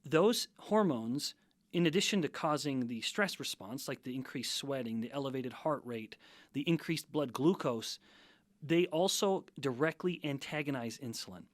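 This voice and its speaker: Middle-aged man, scientist guest, methodical lecturing manner, mid pitch, dry close recording. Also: lively intonation, normal speed, dry recording. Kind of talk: explanatory interview talk.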